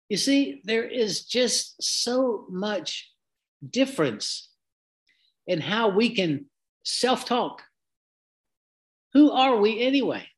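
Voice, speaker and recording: A man hosting a Christian podcast, teaching in an earnest, reflective, conversational way with folksy asides. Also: a little high.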